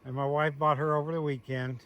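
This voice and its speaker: A man's voice: on the high side, level tone, brisk, fairly bright tone. A man walking around his small farm outdoors, chatting casually and talking sweetly to his goats. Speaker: homesteader showing his animals. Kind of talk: casual farm walkthrough vlog.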